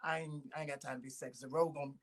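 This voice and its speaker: A man as a guest on a casual interview show, talking earnestly in relaxed slang as he thanks and praises people. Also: fairly high pitch, fast, a little hiss or hum. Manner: earnest, warm shout-outs, relaxed slang.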